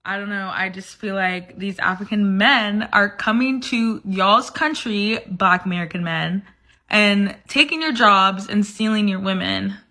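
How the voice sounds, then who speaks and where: A woman's voice: medium pitch, measured pace, bright, forceful tone. A woman giving sassy, teasing opinions in a casual vlog.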